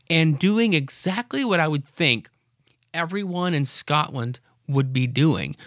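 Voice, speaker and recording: A man hosting a podcast, retelling a horror comic with a raspy voice and wry, jokey asides. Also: a little high, fairly bright tone, no echo, studio quality. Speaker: podcast host.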